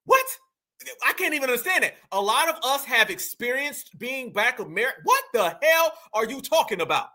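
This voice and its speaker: Fired-up, high-voiced male commentator. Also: big pitch swings, normal speed, pushed and bright. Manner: heated, mocking, slangy, addresses viewers as fam. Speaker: commentary channel host. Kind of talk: reaction commentary.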